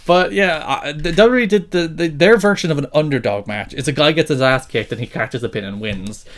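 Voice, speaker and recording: A man's voice: on the high side, fairly quick, a bit bright. A man co-hosting a podcast, talking casually in an exasperated, ranting way. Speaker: podcast co-host. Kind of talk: casual chat.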